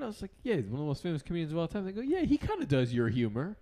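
Dry-humored young comedian. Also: male voice, on the high side, big pitch swings, rapid-fire, mellow. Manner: dry, storytelling with quoted asides. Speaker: stand-up comedian, co-host. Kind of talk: comedic podcast banter.

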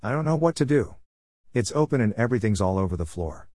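A man voicing a cheerful, talkative father who is rushing to leave on a trip. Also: mid-range voice, expressive, no room sound, clean studio sound, natural voice. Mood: flustered. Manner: bright and chatty. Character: cheerful, chatty dad.

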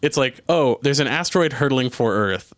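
A man telling stories in casual chat, animated and swearing often. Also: medium pitch, moderate pace, no room sound, studio quality. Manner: animated storyteller, swears a lot. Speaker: bartender.

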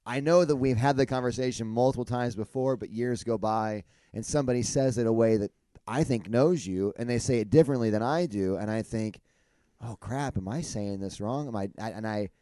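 A man's voice: medium pitch, fairly quick, dark tone, no room sound. A man co-hosting a podcast in casual chat, often stopping and restarting his sentences. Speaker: podcast co-host.

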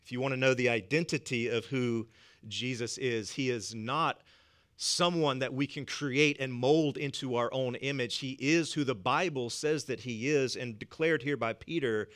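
A man's voice: mid-range voice, normal speed, a bit bright, smooth. A man with a Southern US accent preaching a sermon as pastor, emphatic and repeating words for weight, chuckling between points. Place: church.

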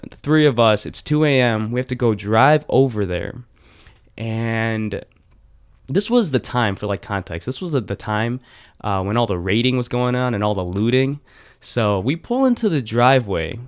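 A man in his late teens, chatting casually and retelling a story with lots of fillers and restarts. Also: mid-range voice. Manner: rambling, animated retelling with many fillers. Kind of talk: casual chat.

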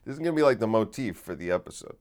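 A man who hosts a podcast and does comedy, talking through a casual solo monologue that rambles, restarts often and swings between loud bursts and quiet asides. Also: fairly low pitch, expressive, racing.

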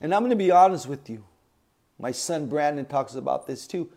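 A middle-aged man preaching a sermon, emphatic and repetitive, with sudden loud stresses on key words. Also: a little high, expressive, a little fast. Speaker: pastor.

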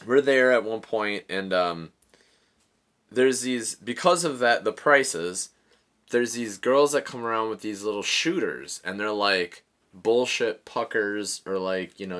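A man's voice: fairly low pitch, a bit bright. A man in his thirties casually telling a long story, laughing often and swearing freely.

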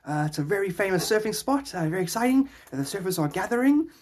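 A man putting on the voice of a formal, halting surf reporter announcing on air. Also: high-pitched, big pitch swings, a little hiss or hum, pitched above the performer's own voice.

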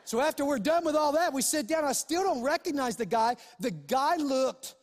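A man's voice: very high voice, moderate pace, big-room sound. A man preaching a sermon as a story, acting out the voices of the people in it. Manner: animated storytelling, acts out quoted voices.

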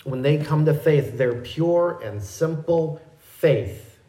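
A man's voice: on the high side, lively intonation, slow, warm tone. A man preaching a sermon, explaining a passage in a teaching way and often correcting himself mid-sentence. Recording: echoey room.

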